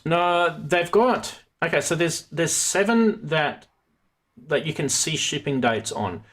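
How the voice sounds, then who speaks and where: A man's voice: on the high side, expressive, slow, fairly bright tone. A man hosting a live stream about synth modules, chatting casually and rambling with many restarts. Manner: rambling, self-interrupting, chatty.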